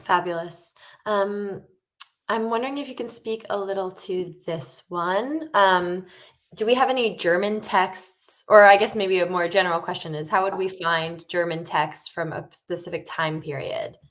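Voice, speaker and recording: A woman moderating a live webinar, reading out audience questions in a relaxed way with hesitant "um"s. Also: lowish voice, normal speed. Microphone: video call.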